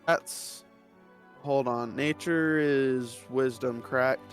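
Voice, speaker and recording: A man's voice: mid-range voice, fairly even intonation, soft background music. A young man playing a tabletop game, calling out dice rolls and often correcting himself. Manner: slow, unsure, corrects himself. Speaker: player.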